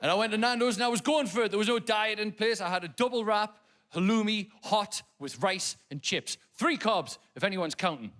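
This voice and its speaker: A man's voice: sits high, animated, fairly quick. Geordie man doing stand-up comedy. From North East England. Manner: swearing, storytelling, sing-song nursery rhyme bits, rising to shouted punchlines. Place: large theatre stage before a live audience. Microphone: stage microphone.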